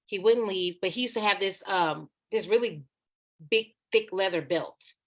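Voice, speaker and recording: A woman's voice: medium pitch, moderate pace. A woman guest on a podcast, telling a personal story in a candid, conversational way. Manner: candid, conversational, slips into acted quotes.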